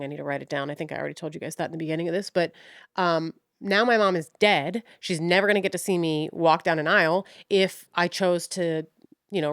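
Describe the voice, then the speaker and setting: A woman's voice: fairly low pitch, fairly bright tone, no echo, studio quality. A young woman hosting her own podcast, rambling frankly, swearing often and mocking herself as she loses her train of thought. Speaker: podcast host. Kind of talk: casual rambling monologue.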